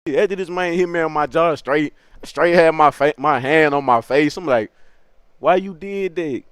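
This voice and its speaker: Brief: male comic storyteller with a slightly higher, smooth voice, rambling slangy delivery. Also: fairly even intonation, normal speed, fairly bright tone, no room sound, clean studio sound. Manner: slangy, rambling, laughs at his own story. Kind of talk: casual comedic storytelling.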